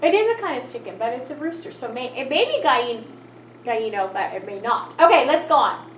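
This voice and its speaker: A woman's voice: a little high, very animated, fairly quick. A woman teaching a cheerful children's lesson, gasping with delight at each new picture. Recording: echoey room, faint noise.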